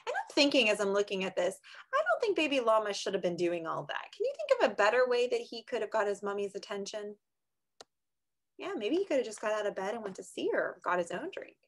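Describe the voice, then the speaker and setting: A woman teacher reading a picture book aloud to young children, in a sing-song, expressive storybook voice with teaching asides. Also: medium pitch, fairly quick.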